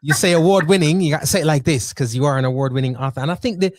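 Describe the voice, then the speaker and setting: A man hosting a podcast interview, speaking in an animated, conversational way with playful asides. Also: fairly high pitch, very fast, a little hiss or hum. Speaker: podcast host.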